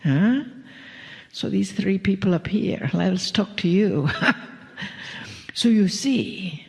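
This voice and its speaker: A woman delivering a channeled spiritual message to an audience, speaking slowly and gently, playful at times and often dropping to a whisper. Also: medium pitch, expressive, vocal fry, big-room sound.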